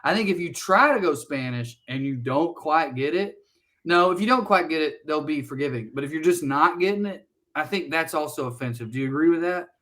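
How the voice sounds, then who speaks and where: A man, co-hosting a podcast as an animated, profane storyteller. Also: a little high, brisk. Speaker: podcast co-host. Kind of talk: casual comedic chat.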